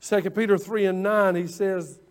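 Pastor guy preaching, high voice, folksy and chatty, keeps repeating himself. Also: steady tone, moderate pace. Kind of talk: sermon.

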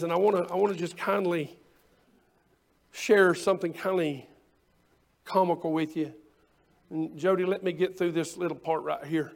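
A man's voice: sits high, gravelly. A male pastor preaching a sermon, quoting scripture in old-fashioned wording and repeating phrases for emphasis.

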